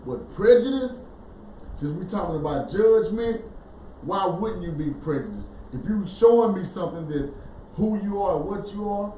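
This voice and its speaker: A man's voice: high voice, animated, normal speed, dark tone, echoey room, recorded from a distance, a little hiss or hum, rough recording. A man co-hosting a casual spiritual discussion, speaking bluntly and breaking words down as he explains. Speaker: podcast co-host.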